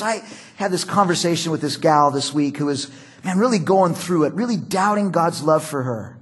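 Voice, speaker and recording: Husky high-voiced pastor preaching. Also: male voice, lively intonation, normal speed. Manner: conversational, storytelling with acted quotes. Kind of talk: sermon.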